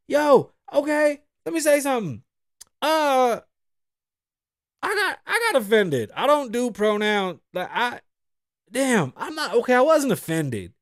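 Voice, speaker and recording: A man with a fairly high-pitched voice hosts his own podcast, spinning stories in a loose, profane, rambling monologue with animated energy. The recording is dry and of studio quality.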